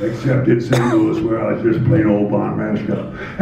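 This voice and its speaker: A man's voice: lowish voice, level tone, unhurried, vocal fry, hardly any pauses, music in the background. An older man from Nebraska gives a meandering acceptance speech, full of "uh" fillers and restarts. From Nebraska, USA. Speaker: hall of fame inductee giving an acceptance speech. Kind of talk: rambling acceptance speech storytelling. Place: large echoey hall at a ceremony. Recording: echoey hall, distant, dull sound.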